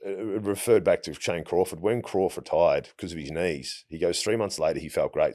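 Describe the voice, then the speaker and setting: Australian bloke in his 40s, very low voice, laid-back storyteller who trips over his words. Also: moderate pace, hardly any pauses. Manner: relaxed, anecdotal, frequent restarts. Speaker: guest, retired footballer. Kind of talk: casual interview storytelling.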